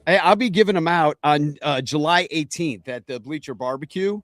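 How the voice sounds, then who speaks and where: A man's voice: fairly high pitch, normal speed, no echo. A man hosting a casual chat show, joking with wry asides. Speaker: host.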